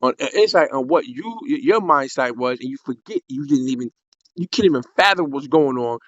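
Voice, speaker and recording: A man's voice: medium pitch, expressive, a little fast. A man hosting an online talk room, worked up and swearing, stumbling through restarts as he makes his point. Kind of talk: heated opinion talk. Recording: dry, dull lo-fi online audio.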